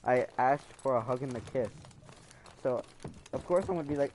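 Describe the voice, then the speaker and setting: A man's voice: mid-range voice, normal speed, darkish tone, a little hiss or hum. A man vlogging, telling a personal family story in a rambling, emotional way, with fillers and acted-out quotes. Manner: acts out quoted voices. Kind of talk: casual storytime.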